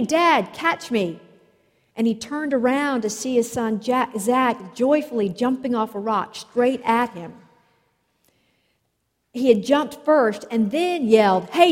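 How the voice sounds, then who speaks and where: A woman preaching a sermon, telling stories in a slow, measured way. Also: a little high, a little mellow. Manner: slow, measured storytelling delivery. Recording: long reverb of a large hall.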